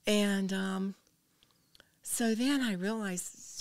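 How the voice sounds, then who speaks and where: A woman's voice: mid-range voice, moderate pace, vocal fry, no echo. An older woman, a podcast guest, earnestly telling a personal story and dropping to a whisper at tense moments.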